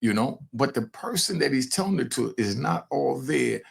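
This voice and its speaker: A man's voice: mid-range voice, lively intonation, normal speed, creaky, husky. An older man and grandfather hosting a true crime show, talking bluntly and animatedly straight to his viewers. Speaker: true crime commentator and host. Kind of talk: casual streetwise commentary to camera.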